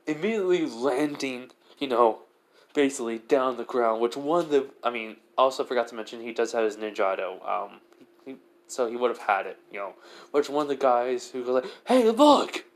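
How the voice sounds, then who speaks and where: A man's voice: medium pitch, fairly quick. Young man rambling through a fan story. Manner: rambling, heavy with fillers. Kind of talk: improvised story narration.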